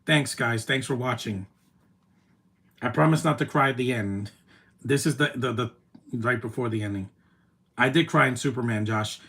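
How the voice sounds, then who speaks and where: A man streaming his reaction to a movie, talking in an emotional, rambling way with many "man" tags and the odd loud taunt. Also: mid-range voice, moderate pace, pauses often. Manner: soft-spoken, with sudden loud taunting outbursts. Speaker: live streamer.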